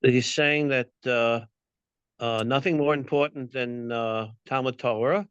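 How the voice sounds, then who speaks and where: A male student answers his rabbi on a video call and fumbles for words with many fillers. His voice sits at an ordinary pitch. The call audio is dry and a little muffled. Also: fairly even intonation, measured pace, clear, resonant tone, dry recording. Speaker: student in the class.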